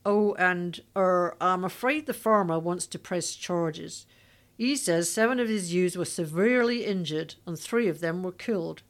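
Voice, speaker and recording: A stern male police constable, formal and dry as he lays out the procedure in a storybook. A woman voices him in a low register. He is measured and unbending.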